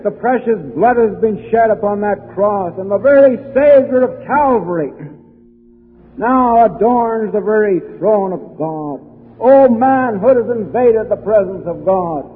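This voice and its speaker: Man, evangelistic preacher, husky, fervent, long hall reverb, tinny lo-fi sound. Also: sits high. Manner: fervent, preaching to a room, slowing and stressing key words. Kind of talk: evangelistic sermon. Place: hall with an audience. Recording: phone-like old recording in a long-reverb hall.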